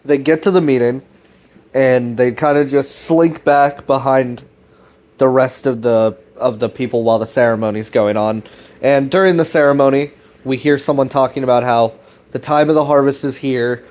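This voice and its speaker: Casual male recap host, mid-pitched, loose and profane. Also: fairly even intonation, moderate pace, a little mellow. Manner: loose, profane, full of fillers and restarts. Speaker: web series recap host. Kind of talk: casual rambling plot recap.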